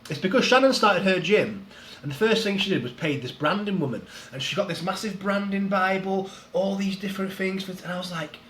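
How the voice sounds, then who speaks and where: A man's voice: high voice, fairly quick, a bit bright, a little hiss or hum. A man, a strength coach, chatting in an interview, explaining things eagerly and laughing at himself. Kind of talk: casual interview chat. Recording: roomy echo.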